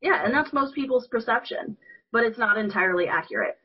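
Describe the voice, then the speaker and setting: A guest from rural Missouri speaking candidly and thoughtfully in a podcast interview over a video call. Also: female voice, a little high, lively intonation, a little fast, husky. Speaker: guest, educator and advocate. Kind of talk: casual interview chat. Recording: dull lo-fi sound.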